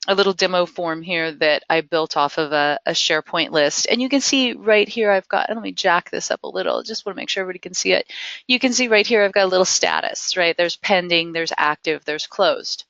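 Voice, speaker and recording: A woman leading a live software training webinar, chatty and enthusiastic, with frequent ums and restarts. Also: on the low side, a little fast, dry recording. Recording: dry, slightly dull web-call audio.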